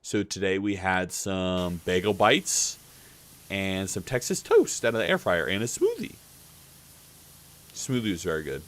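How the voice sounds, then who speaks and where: A man's voice: deep voice, wildly swooping pitch, a little slow, a bit bright, slight background noise. A man streaming live, telling a story in a rambling, casual way, with lots of fillers and swearing.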